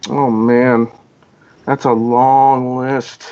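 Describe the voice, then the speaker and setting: A man's voice: medium pitch, flat delivery, extremely slow, darkish tone, clean tone. A man chatting as a podcast guest, rambling and filling his talk with "you know", acting out quoted dialogue. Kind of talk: casual podcast chat. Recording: dull lo-fi audio.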